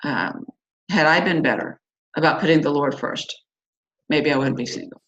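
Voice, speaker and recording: Speaking at normal speed, a middle-aged woman with a low-pitched, animated, fairly bright voice hosts a church singles class. She talks to the group in a casual, candid way with plenty of fillers and asides; the lo-fi recording is slightly dull.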